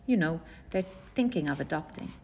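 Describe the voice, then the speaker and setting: A woman reading aloud puts on an elderly grandmother, proper and devout, who states her views as settled fact. The voice rides a bit higher than the reader's own low, gravelly tone, with creak still under it. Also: lively intonation, moderate pace, darkish tone, full character voice. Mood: insistent. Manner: firm, matter-of-fact. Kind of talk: audiobook character voice.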